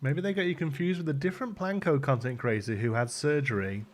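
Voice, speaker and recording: A man's voice: medium pitch, brisk. Casual young male streamer, bantering with chat, easy laughter. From Britain. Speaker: livestream host. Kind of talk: casual live-stream chat reading viewer messages.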